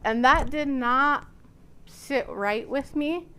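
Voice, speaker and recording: A Nebraska woman working as a college student services coordinator gives a storytelling lecture, sharing personal anecdotes conversationally and leaning on lots of fillers. Her voice is high, a bit bright, and she speaks slowly.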